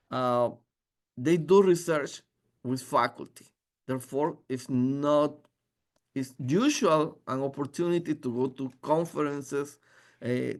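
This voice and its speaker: A man presenting his engineering department as a faculty member, earnest and halting with frequent restarts. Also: a little high. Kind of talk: informational presentation.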